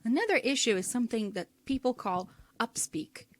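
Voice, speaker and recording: A woman giving an instructional talk on speaking skills in a clear, measured way, sometimes demonstrating intonation. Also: on the high side, sing-song. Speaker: teacher.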